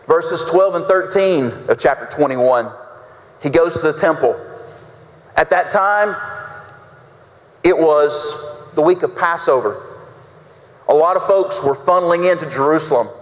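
A male pastor preaching a folksy sermon, acting out quotes with big swings in his voice. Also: on the high side. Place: church sanctuary. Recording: reverberant church sanctuary.

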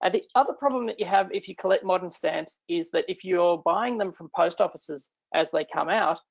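Gravelly Australian man, chatty talk. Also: high-pitched, moderate pace. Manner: chatty, irreverent, self-deprecating. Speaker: guest speaker. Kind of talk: casual online talk.

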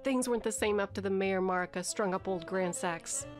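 Woman doing a hardboiled noir gumshoe; dry deadpan narration, light stifled giggles. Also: medium pitch, fairly quick, faint music behind, close to an everyday voice. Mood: wry. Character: hardboiled adult male noir detective narrator.

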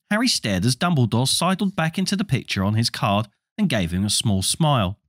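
A man reading a children's fantasy novel aloud as an expressive storybook narrator. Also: medium pitch, no echo, clean studio sound. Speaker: audiobook reader.

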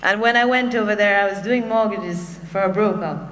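A woman's voice: medium pitch, moderate pace, fairly bright tone. Jamaican woman speaking in a reverberant hall. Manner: conversational, with humorous personal asides. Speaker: workshop presenter from a bank. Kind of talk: conference speech. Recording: long hall reverb, faint hum.

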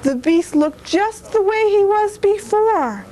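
A woman's voice: extremely high pitch, expressive, slow pace, warm tone. A woman reading a picture book aloud to young children in a television studio, in a patient sing-song manner that coaxes them to answer. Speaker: children's story reader.

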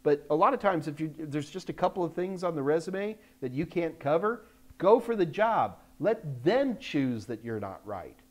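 An older man hosting a live question-and-answer stream, talking bluntly and emphatically and getting loud when frustrated. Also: a little high, big pitch swings, normal speed. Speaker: host answering viewer questions. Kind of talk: live Q&A chat. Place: Texas, United States.

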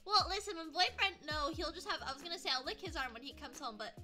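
A woman's voice: sits high, fast talker, sharp tone. A young adult woman streaming live from home, chatting casually and greeting viewers with pet names like sweetie and darling. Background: faint background music.

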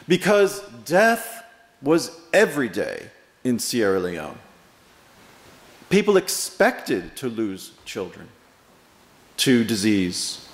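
Guy pastor giving a sermon, slow storytelling, lots of pauses, big echoey church hall. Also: mid-range voice. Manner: measured storytelling with pauses and emphasis. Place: church sanctuary. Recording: echoey hall with long reverb.

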